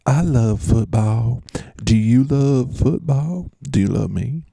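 A man's voice: medium pitch, slow, creaky, warm tone, husky, no room sound, clean studio sound, heavily acted. A man doing a goofy earnest football player.

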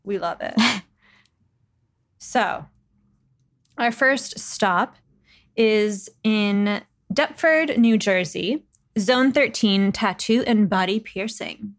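A woman's voice: mid-range voice, drawn-out words, pauses often. A young woman co-hosting a podcast, chatting and telling a ghost story with frequent laughs. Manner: laughs often, chatty and playful. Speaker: podcast co-host. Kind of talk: casual chat and storytelling.

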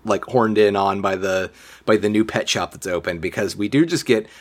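Halting, wry man with a low voice. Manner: halting, many fillers and restarts, wry. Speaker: podcast co-host. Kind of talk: casual chat recapping a cartoon.

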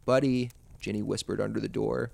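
A man hosting a podcast, narrating a suspenseful story in a measured way. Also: lowish voice, creaky, a little mellow.

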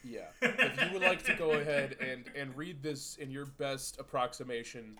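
A man's voice: mid-range voice, normal speed, bright, forceful tone, a little hiss or hum. Laughing man, casual podcast host. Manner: laughing, full of fillers, crude jokes.

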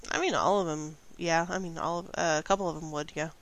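A woman acting as game master, narrating scenes in a relaxed, descriptive way with casual fillers. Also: sits low, quick pace, low-quality recording.

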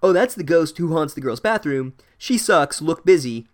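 A man's voice: fairly high pitch, animated, moderate pace, pitched above the performer's own voice, natural voice. A man voicing a bossy, rule-following young schoolgirl in a prim, fussy way.

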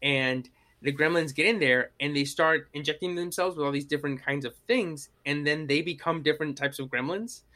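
A young man with a bright, fairly high voice chats with a friend. He tells stories in an animated way and acts out the lines he quotes. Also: a little fast. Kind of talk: casual chat.

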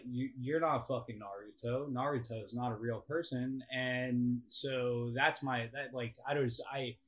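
A young man in the middle of a sports podcast rant, swearing freely and tossing out mocking rhetorical questions. His voice sits at an ordinary middle pitch and jumps up whenever he gets fired up. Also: bright, forceful tone. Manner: profane, ranting, laughs and rises in pitch when worked up. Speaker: podcast co-host. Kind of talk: casual sports chat.

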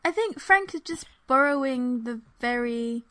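Chatty woman with a slightly high voice. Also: animated, measured pace, fairly bright tone. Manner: rambling, lots of fillers and restarts, laughs easily. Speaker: podcast co-host. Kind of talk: casual book discussion.

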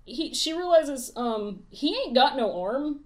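A woman's voice: high voice, animated, slow, a little mellow. A woman co-hosting a casual chat, rambling and profane, often laughing as she recaps a show. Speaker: podcast co-host.

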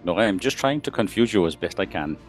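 A man's voice: low-pitched, lively intonation, fast talker, soft background music. A man player in a tabletop game, bantering and teasing the others.

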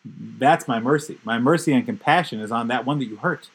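A man voicing a grieving king who passes judgment on his son in a cold, measured way. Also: medium pitch, husky, rough recording. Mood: stern.

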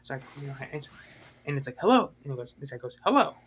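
A man's voice: medium pitch, level tone, very fast. A man co-hosting a podcast, rambling through a story with lots of fillers and acted-out quotes. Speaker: podcast co-host. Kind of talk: casual podcast chat.

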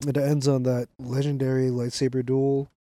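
A man in a relaxed podcast chat who tells stories with lively energy, jumping into quoted voices and laughing as he goes. His voice sits in an ordinary middle register. It is recorded close and dry, with no room sound. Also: medium pitch, moderate pace, no room sound. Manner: animated storyteller, acts out quotes with laughs. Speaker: podcast co-host. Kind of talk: casual chat.

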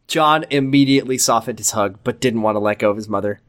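A young podcast co-host cracking jokes and reading along with frequent laughter. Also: medium pitch. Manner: quick quips, laughing. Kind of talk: comedic banter.

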